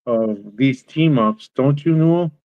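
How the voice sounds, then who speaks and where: A man co-hosting a casual chat, agreeable and unhurried. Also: mid-range voice, no room sound, phone-quality sound.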